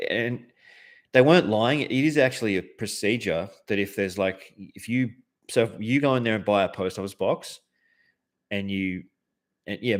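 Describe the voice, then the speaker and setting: Very deep-voiced Australian man ranting. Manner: profane, heated, lots of fillers and restarts. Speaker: host. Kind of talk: casual storytelling rant.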